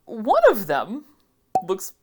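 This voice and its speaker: A woman in her thirties from Ohio, chatting through a casual reaction vlog in a giggly, self-deprecating, expressive way. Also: medium pitch, takes it slowly, heavy background noise. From Ohio, USA. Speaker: vintage pattern seller and vlogger.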